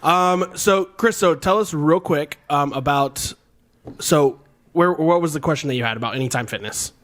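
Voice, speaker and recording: A man's voice: on the high side, normal speed. A man with an Ohio accent, co-hosting a podcast, telling a story in casual chat and acting out the lines of people in it with lots of laughter. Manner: animated, acts out quotes, laughs often. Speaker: podcast co-host.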